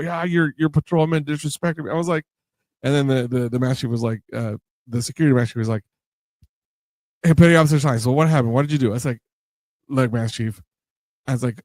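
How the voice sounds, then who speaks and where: A man's voice: mid-range voice, darkish tone, no room sound. A man hosting a podcast, telling a long story with many fillers and acting out what others said. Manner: rambling, many fillers, laughs and acts out quotes. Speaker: podcast host. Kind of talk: casual storytelling interview.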